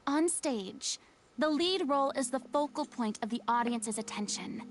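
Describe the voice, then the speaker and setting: A woman's voice: high-pitched, animated, slow pace. A woman voicing a stern, commanding young woman in a game cutscene, lecturing a quarreling group with firm authority. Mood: earnest. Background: music.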